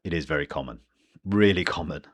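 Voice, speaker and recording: A man with a British accent teaching English pronunciation, slowly modelling phrases one by one. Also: very deep voice. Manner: slow, deliberate modelling of phrases. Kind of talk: pronunciation lesson.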